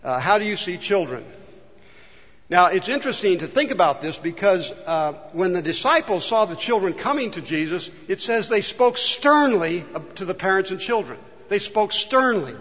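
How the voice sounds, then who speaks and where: With a high-pitched, slightly bright voice, a pastor from California delivers a sermon and earnestly asks the congregation rhetorical questions. The sound is dull, with a long reverb from the hall.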